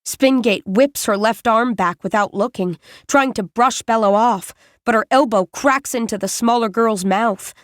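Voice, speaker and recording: A woman reading a first-person novel aloud as an audiobook narrator, in a measured, deliberate way. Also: on the high side, dry recording, studio quality.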